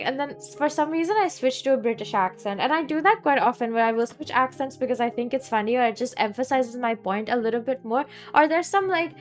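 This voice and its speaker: A young woman in her twenties with a Southeast Asian accent, rambling through stories in a casual chat while streaming a game. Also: fairly high pitch. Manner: rambling, chatty storytelling full of "like". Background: faint background music.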